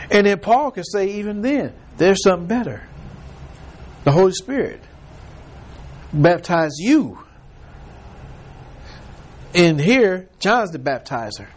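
High-voiced, slow-spoken male preacher. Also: darkish tone. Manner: reads scripture slowly, then retells it in casual repeated phrases. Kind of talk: sermon with scripture reading.

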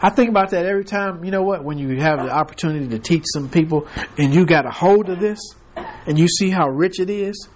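A man's voice: on the high side, fairly quick, a little hiss or hum. A man teaching a Bible class, reading scripture aloud and prompting the class to fill in the words, with chuckling asides.

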